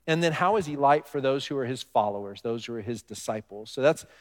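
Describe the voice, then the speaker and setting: A man's voice: mid-range voice, expressive, a little fast. A male pastor delivering a sermon in a conversational way, often asking the congregation questions. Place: church hall with congregation. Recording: long reverb of a large hall.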